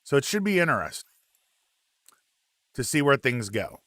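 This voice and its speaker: A man hosting a relaxed live wrestling chat, reading out viewer comments with plenty of ums and uhs. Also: mid-range voice, moderate pace, dry recording.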